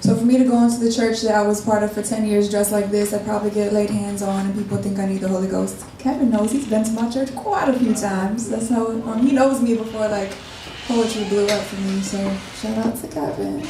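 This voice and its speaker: A woman's voice: mid-range voice, a little fast. A young woman in casual conversation, telling her personal story and acting out the dialogue as she speaks. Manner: animated, acts out quoted dialogue. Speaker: interview guest. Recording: echoey room from far off, faint noise.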